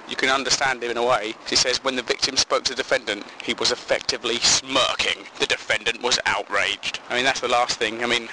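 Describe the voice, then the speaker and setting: A man's voice: mid-range voice, background noise. A man hosting a comedy podcast, rambling through jokes and odd news stories with frequent chuckles. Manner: chatty, self-amused, rambling with frequent chuckles. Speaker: podcast host. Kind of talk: comic news commentary.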